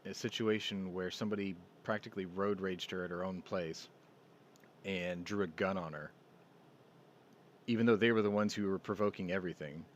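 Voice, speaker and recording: A man's voice: deep voice, normal speed, a little hiss or hum. A man hosting a podcast, telling a story in a casual way and acting out the voices he quotes. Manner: animated, acts out quoted voices. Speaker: podcast host.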